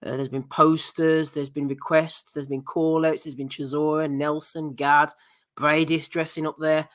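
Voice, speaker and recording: A man's voice: fairly high pitch, level tone, a little slow, fairly bright tone. A man hosting a boxing podcast, laughing and leading the segment. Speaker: podcast host. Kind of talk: casual boxing podcast banter.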